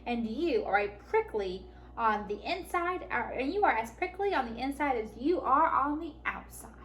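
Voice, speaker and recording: A woman's voice: sits high, animated, moderate pace, fairly bright tone, a little hiss or hum. A woman voicing a blunt male coyote in a picture book read aloud.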